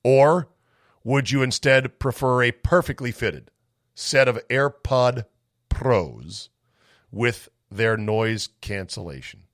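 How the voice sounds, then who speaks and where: A man hosting a podcast, reading listener mail in a wry, sarcastic, rambling way, his voice slightly hoarse. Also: medium pitch, expressive, takes it slowly, fairly bright tone, no room sound, studio quality. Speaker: podcast host.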